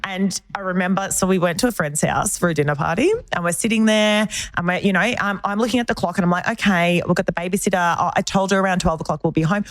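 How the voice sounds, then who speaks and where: A woman in her thirties, a podcast host, telling a personal story in casual chat and acting out the quoted lines with big jumps in pitch. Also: steady tone, quick pace, few pauses.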